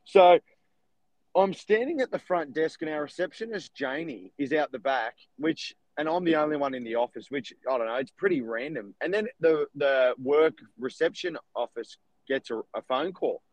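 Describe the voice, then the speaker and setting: A young man, a real estate agent and podcast co-host, telling stories in an animated, casual way. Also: fairly high pitch, moderate pace, dry recording, rough recording. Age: young adult. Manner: animated storytelling with laughs. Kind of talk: casual chat.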